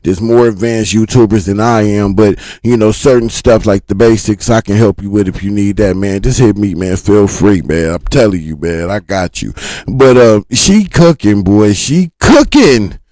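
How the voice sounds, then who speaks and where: A man's voice: lowish voice, normal speed, mellow, dry recording, poor audio. A man hosting a livestream, reacting in a casual, chatty way with friendly asides. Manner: laid-back, chatty, supportive asides. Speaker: reaction show host.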